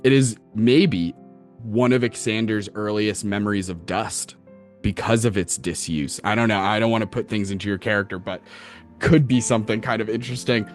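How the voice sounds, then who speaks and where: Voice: medium pitch, normal speed, soft background music. A game master narrating a tabletop game, giggly and playful, improvising descriptions as they go.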